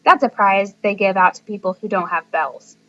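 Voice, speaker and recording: A woman reading a children's book aloud in a lively, playful storytelling manner. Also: medium pitch, normal speed, no room sound, lo-fi sound. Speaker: audiobook reader.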